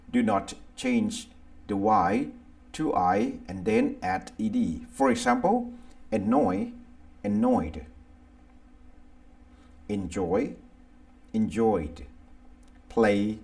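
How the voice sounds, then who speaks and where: Slow, gravelly man with a Thai accent. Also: lowish voice, a little mellow. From Thailand. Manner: slow, deliberate, reads word lists aloud one by one. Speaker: English teacher. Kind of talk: slow scripted grammar lesson.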